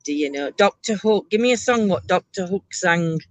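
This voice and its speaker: A woman's voice: on the low side, animated, normal speed, dry recording. A woman hosting a casual ghost tour chat from inside a moving car, rambling and laughing, with lots of ums, recorded on a handheld camera. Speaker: host of a ghost tour show.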